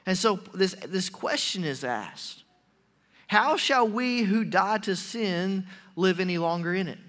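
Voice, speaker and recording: A man's voice: sits high, fairly bright tone. A man preaching a sermon and reading scripture, emphatic, with frequent hesitant fillers.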